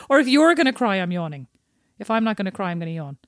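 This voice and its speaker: A woman's voice: medium pitch, no echo. Chatty woman on a dry close mic. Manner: chatty, acts out quoted voices. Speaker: podcast co-host. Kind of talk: casual chat.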